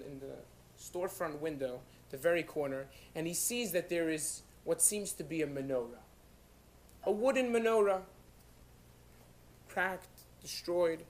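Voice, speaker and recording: Man telling a dramatic story. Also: high voice. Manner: emphatic, with pauses between short phrases. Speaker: guest lecturer. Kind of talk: dramatic storytelling in a Torah class. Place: synagogue study hall.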